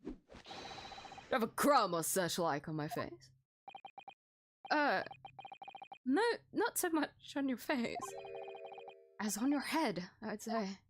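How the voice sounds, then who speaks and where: Excitable woman reading game dialogue aloud. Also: fairly high pitch, slow, pauses often, slight background noise. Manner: excitable, laughs and squeals a lot. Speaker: gaming streamer. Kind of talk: let's play commentary with read-out dialogue. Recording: game music under the voice.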